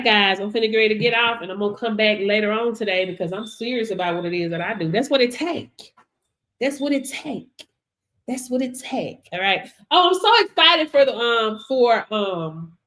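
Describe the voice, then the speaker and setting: A woman's voice: medium pitch, fairly bright tone. Chatty motivational woman on a live stream. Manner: chatty, repetitive, laughs often, asks "you see what I'm saying?". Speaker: business coach on a live audio stream.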